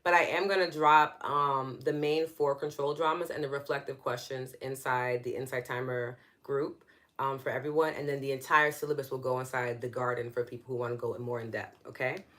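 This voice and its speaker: A woman with a New York accent leads a live online session, her voice sitting notably low. She explains in an earnest, conversational way and responds to her viewers' comments as she goes. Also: steady tone, brisk, fairly bright tone. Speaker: EFT session host.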